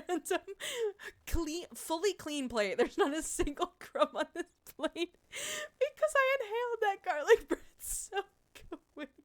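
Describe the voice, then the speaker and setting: A young female streamer with a Midwestern American accent chats casually with her viewers. She's animated, swearing and laughing a lot, and her very high voice moves at a measured pace.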